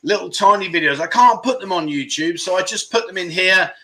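A man with a high, bright, forceful voice hosts a casual livestream at a fairly quick pace. Chatty and full of jokes, he reads viewers' comments aloud and banters with them in loose, slangy language.

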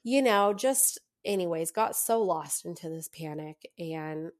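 A young adult woman telling her own story as a podcast guest, chatty, with lots of fillers and quick laughs. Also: lowish voice, animated. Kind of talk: casual storytelling in an interview.

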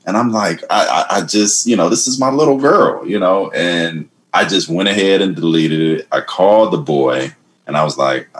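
A middle-aged man with an extremely deep voice recounts a story in a casual interview. He mumbles and lets his sentences fade out. When he quotes himself, his voice jumps higher. Faint noise sits behind him. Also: animated, moderate pace. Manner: mumbling storyteller, voice trails off quietly, bursts of higher quoted lines. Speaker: comedian guest.

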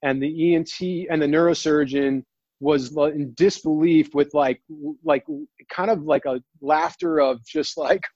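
A man earnestly telling a personal story, near tears, halting and restarting often. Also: on the high side, steady tone, a little mellow, no echo, highs cut off. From New Jersey. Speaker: guest.

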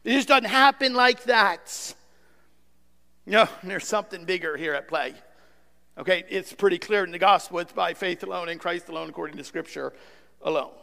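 A male pastor preaching a sermon, emphatic, repeating phrases and swinging between loud outbursts and soft, low asides. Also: moderate pace, gravelly. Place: church sanctuary. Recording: long hall reverb.

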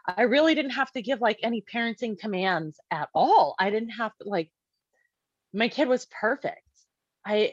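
This woman, a parent, speaks in a mid-range voice as she casually recounts a personal experience. She talks loosely with frequent "like" fillers and plays out quoted conversations, captured in a dry, somewhat muffled recording.

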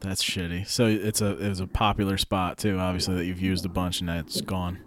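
A man hosting a casual interview, relaxed and quick to laugh, with short friendly replies. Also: sits low. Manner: relaxed, laughs easily, brief backchannels. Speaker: podcast host.

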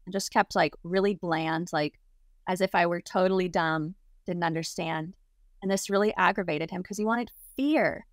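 A young adult woman with a lowish voice speaks at a normal speed as a guest on an interview show. She tells a personal story in a chatty way, leaning heavily on "like" as filler. The studio-quality recording has no room sound.

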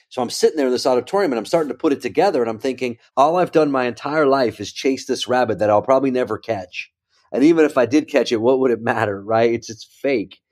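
A man, a speaker and professor, telling a story in a conversational interview, often checking in with the listener. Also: medium pitch. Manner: animated, checks in with "right?" and "okay?".

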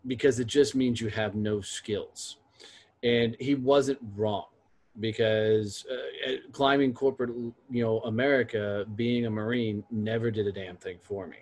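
A man's voice: on the low side, fairly even intonation, measured pace, darkish tone, slight background noise. A man hosting a casual conversation, blunt and salty, telling stories from his own career. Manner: blunt, profane, storytelling.

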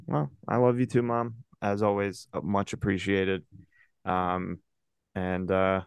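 A young man co-hosts a chatty podcast, reading listener emails with a joking, easygoing manner. His voice sits on the lower side with a gravelly edge. The sound is dry and close to the mic. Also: little pitch movement, takes it slowly, no echo. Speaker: podcast co-host.

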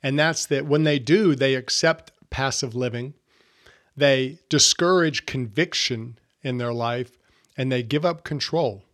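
A man's voice: mid-range voice, a little slow, a bit bright. A middle-aged man giving a plain-spoken, earnest teaching talk to men. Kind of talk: scripted teaching monologue.

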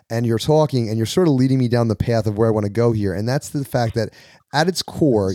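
A man hosting a podcast interview, relaxed, laughing easily and asking follow-up questions. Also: mid-range voice, dry recording, clean studio sound. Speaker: podcast host.

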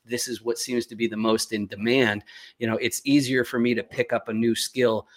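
A man chatting as a guest on a podcast. He talks at a middle pitch and rambles, with plenty of fillers and restarts as he works through his thoughts. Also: flat delivery, moderate pace. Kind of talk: casual chat.

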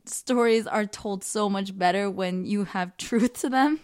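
A young adult woman co-hosting a podcast, talking casually with strong, emphatic opinions. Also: mid-range voice. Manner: opinionated, emphatic, quick asides. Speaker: podcast co-host. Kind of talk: casual chat.

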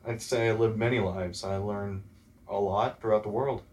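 Young Texan man, low voice, animated stories. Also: moderate pace. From Texas. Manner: animated storyteller, acts out quoted voices. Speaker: guest. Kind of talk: casual interview chat.

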